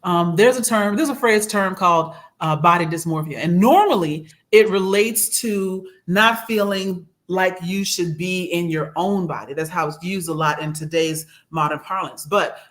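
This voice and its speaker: A man co-hosting a casual political chat show, animated and jokey, with gasps thrown in for effect. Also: high-pitched, normal speed, few pauses. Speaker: podcast co-host.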